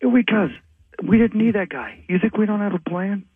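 A man's voice: sits high, normal speed, close to an everyday voice. A man putting on the voice of a grumpy dead team owner calling a radio show from heaven, with a cranky, rambling manner. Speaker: caller. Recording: muffled phone-call sound.

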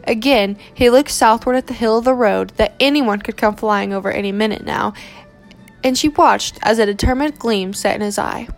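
A woman reading a romance novel aloud in steady, measured narration. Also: fairly high pitch, faint music behind.

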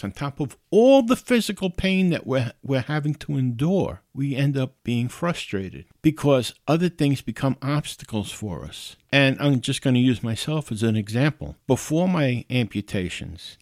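A man's voice: mid-range voice, no room sound, studio quality. A middle-aged man hosting his own show, telling a personal story in an earnest, conversational way. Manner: earnest, conversational, animated in quoted exchanges. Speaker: podcast host. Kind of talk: casual storytelling monologue.

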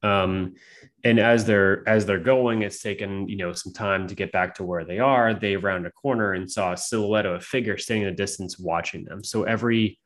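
A man's voice: low voice, steady tone, moderate pace, a bit bright. A man telling spooky stories as a podcast guest, in a casual, rambling way full of fillers and swearing. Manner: profane, rambling, filler-heavy. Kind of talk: casual storytelling chat.

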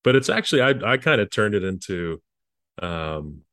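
Deep-voiced man telling stories. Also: sing-song, fairly bright tone, no room sound. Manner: earnest, halting with frequent restarts. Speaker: former presidential speechwriter. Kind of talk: reflective interview storytelling.

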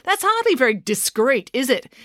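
A woman doing a loud indignant girl. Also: high voice, big pitch swings, moderate pace, no room sound, clean studio sound, pitched above the performer's own voice. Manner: loud, indignant, sharp-tongued. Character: outspoken feisty girl, blunt and defiant.

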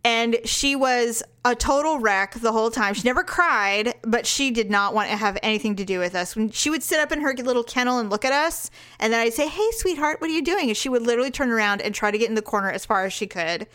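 A woman co-hosting a casual talk show, telling a story with lively quoted dialogue and frequent laughter. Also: fairly high pitch, fast talker, few pauses, clean tone. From California. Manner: animated, laughs often, acts out quotes. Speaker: podcast co-host.

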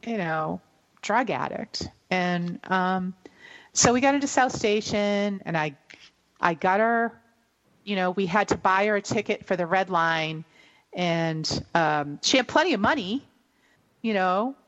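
A woman's voice: medium pitch, expressive, a little slow, highs cut off. A middle-aged woman telling a long story on a radio show, rambling and emotional, with many fillers and restarts.

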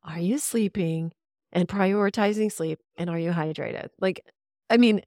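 A woman talking casually as a podcast guest, animated and candid, laughing often and swearing now and then. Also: lowish voice, unhurried, dry recording, clean studio sound.

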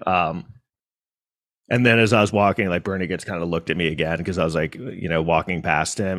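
A man tells a casual story in a loose, rambling way, breaking off mid-sentence and starting over. His pitch moves a lot, rising and falling through each line, while his voice sits at an ordinary middle pitch. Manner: rambling, self-interrupting, animated. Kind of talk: casual anecdote.

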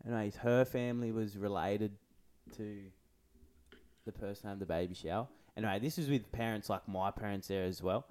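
A man's voice: on the low side, brisk, darkish tone, smooth. A young man, a laid-back podcast co-host in casual chat. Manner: laid-back, laughing, short replies.

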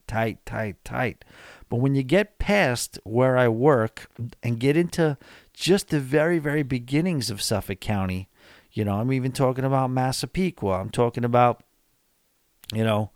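With a smooth, darkish, medium-pitched voice, a man hosts a late-night solo podcast, rambling loosely with many fillers while tired and yawning. The sound is clean studio quality with no echo.

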